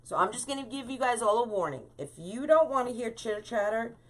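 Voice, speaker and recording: A woman's voice: on the high side, animated, fairly quick. Chatty woman hosting a craft live stream. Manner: talkative, greets viewers by name.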